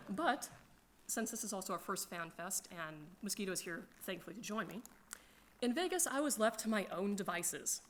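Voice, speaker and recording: A woman telling casual, animated stories about her gaming group, laughing often and acting out her friends' lines. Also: medium pitch, slight background noise. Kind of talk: casual storytelling to a crowd.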